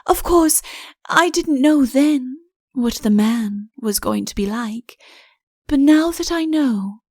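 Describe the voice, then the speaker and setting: A coy, wheedling countess, as a woman narrator puts her on for a storybook reading, her voice pitched a little high and drifting into breathy whispers. She feigns meekness while she schemes, and the slow, unhurried lines are delivered close and dry, with a gravelly edge. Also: animated, darkish tone, no room sound, exaggerated voice. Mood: beseeching. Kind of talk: audiobook character voice.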